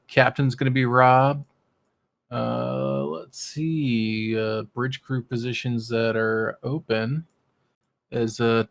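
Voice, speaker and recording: Slow, gravelly-voiced man player. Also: medium pitch, a bit bright, dry recording, studio quality. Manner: thinking aloud, unhurried. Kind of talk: casual chat.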